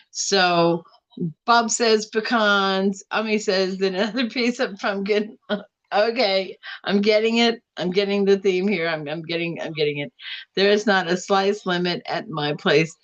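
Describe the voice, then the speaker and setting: Chatty woman hosting a live stream. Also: highs cut off. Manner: chatty, drawn-out, swings up and down in pitch. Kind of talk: casual live chat reading viewer comments.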